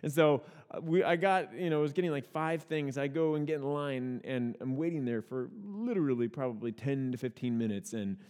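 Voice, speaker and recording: A pastor giving a conversational sermon full of personal stories, with a folksy, storytelling manner and frequent restarts and repeated words. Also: male voice, medium pitch, brisk, few pauses, darkish tone, in a large hall.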